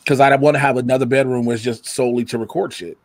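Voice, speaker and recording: A man chatting casually from his home setup, telling animated stories, loudly acting out quotes and swearing freely. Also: medium pitch, rapid-fire, no echo. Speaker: guest. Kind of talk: casual chat. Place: home room with a computer setup. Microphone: computer mic or camera.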